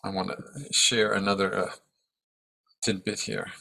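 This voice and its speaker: Seventy-something guy musing on the self, kinda halting, bright voice. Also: deep voice, flat delivery, gravelly. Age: 70s. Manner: thoughtful, halting, restarts often. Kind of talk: reflective dharma talk.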